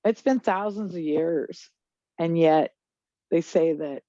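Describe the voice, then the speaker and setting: A woman's voice: lowish voice, slow, warm tone, no room sound. A woman from the Pacific Northwest chatting casually as co-host, rambling and hesitant with frequent laughs. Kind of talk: casual chat. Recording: dull, muffled dry audio.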